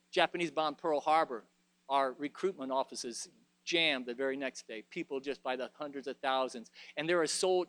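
A man preaches a sermon, swinging between loud exhortation and quiet reflection and often stumbling over and restarting his phrases. His voice is a little high, and the recording is dry.

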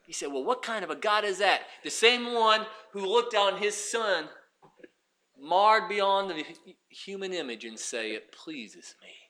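A man preaching with a very high, piercingly bright voice. He swings from ringing emphasis down to near-whispered asides as he addresses the congregation. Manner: preaching with swings from loud to hushed. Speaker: pastor. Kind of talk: sermon.

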